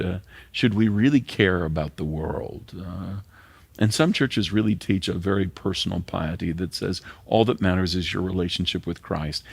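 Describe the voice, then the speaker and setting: A deep, creaky, husky voice belongs to an older man giving a sermon as pastor, captured in a dry recording. He preaches earnestly and emotionally, dropping to a whisper at tender moments.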